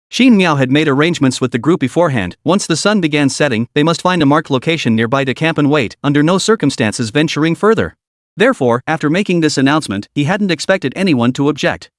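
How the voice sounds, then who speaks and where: Męski narrator o bardzo żywej intonacji. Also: male voice, fairly high pitch, lively intonation, brisk, no echo, clean studio sound. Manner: dramatic storytelling. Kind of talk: scripted narration.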